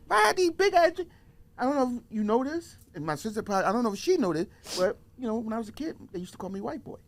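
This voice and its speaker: A man's voice: very high voice, sing-song, racing. A middle-aged man talking casually as a guest, rambling and profane. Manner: rambling, profane, fills with "you know what I'm saying". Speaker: guest, the host's uncle. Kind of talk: casual family conversation.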